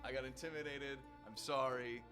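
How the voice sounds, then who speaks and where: Nervous tiefling guy, quiet n halting, says sorry a lot, played by a man. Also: mid-range voice, fairly even intonation, over music, lightly acted. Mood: sheepish.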